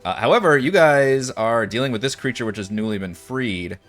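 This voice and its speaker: A man's voice: mid-range voice, expressive, moderate pace, a bit bright, faint music behind. A man running a tabletop game as dungeon master, thinking aloud with lots of fillers. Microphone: headset or desk mic on a voice call.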